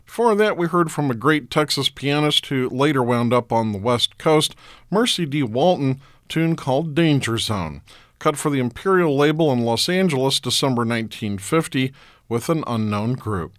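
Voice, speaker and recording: A man hosting a radio program, calmly back-announcing and introducing old records. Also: mid-range voice, normal speed, no room sound, clean studio sound. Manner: relaxed, informative back-announcing. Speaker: radio host.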